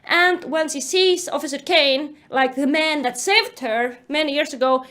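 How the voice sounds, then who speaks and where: Brief: young woman, high voice, casual recap vlogger, animated and exasperated. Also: moderate pace. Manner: animated, exasperated, filler-heavy retelling. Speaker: YouTube commentator. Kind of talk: casual book-recap commentary.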